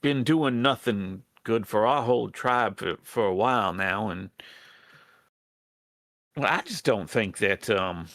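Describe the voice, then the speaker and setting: A man's voice: fairly low pitch, takes it slowly, fairly bright tone, no room sound, clean studio sound. A man voicing an earnest female rat rebel who pleads for allies, in a hesitant folksy drawl full of restarts. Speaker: game master. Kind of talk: in-character role-play in a tabletop game.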